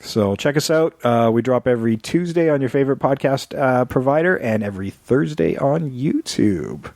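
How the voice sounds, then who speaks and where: A man co-hosting a podcast in relaxed, casual chat, laughing often and reading out show plugs. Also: medium pitch, normal speed, dry recording. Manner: easygoing, laughs often, fillers and restarts. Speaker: podcast co-host.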